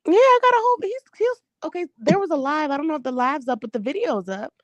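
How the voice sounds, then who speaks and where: A woman speaks in a soft, sleepy voice as a guest on a casual live stream, joining by video call. She talks earnestly and plainly. The sound is dry, with little room in it. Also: sits high, expressive, quick pace, dry recording.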